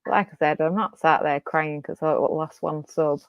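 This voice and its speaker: A woman's voice: low-pitched, fairly even intonation, moderate pace, no room sound. A British woman co-hosting a casual chat, blunt and dismissive, laughing often. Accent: British English. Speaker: co-host. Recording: dull lo-fi dry sound.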